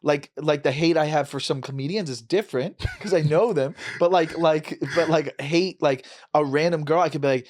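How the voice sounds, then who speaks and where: A man hosting a podcast, chatting casually and telling stories in quick bursts full of fillers. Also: a little high. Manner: animated, quick storytelling with fillers. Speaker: podcast host. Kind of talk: casual chat.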